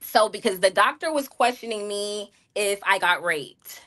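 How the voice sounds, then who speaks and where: A woman streamer with a mid-range, slightly bright voice tells her chat a personal story at an unhurried pace. She's frank and rambling, her candid livestream tale packed with fillers and asides to viewers.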